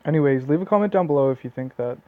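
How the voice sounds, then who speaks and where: A man's voice: on the high side, expressive, racing, dry recording. Rambling Canadian guy on a tinny mic. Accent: Canadian, Southern Ontario. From southern Ontario, Canada. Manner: rambling, many fillers and restarts. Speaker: let's play commentator. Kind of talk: casual gameplay commentary.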